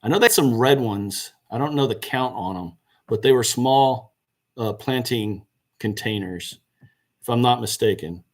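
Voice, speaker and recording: A man's voice: mid-range voice, normal speed. A man chatting casually on a gardening live stream, answering viewer questions and correcting himself as he goes. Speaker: gardening channel host. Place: indoors by a seed box.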